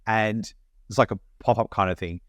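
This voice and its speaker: A man co-hosting a podcast, telling an animated story in casual, slangy chat. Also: fairly low pitch, moderate pace, clean tone, no echo, dull audio. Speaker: podcast co-host.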